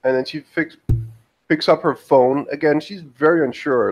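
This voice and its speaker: A man's voice: medium pitch, normal speed, a little mellow. A man playing a tabletop role-playing game, describing his character's actions hesitantly with many fillers. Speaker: player.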